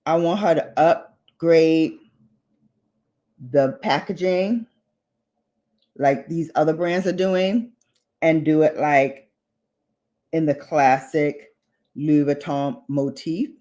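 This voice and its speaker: A woman's voice: deep voice, steady tone, takes it slowly, pauses often, dark tone. A woman beauty vlogger chatting casually on a livestream while doing her makeup, reading out viewer comments and drifting onto tangents.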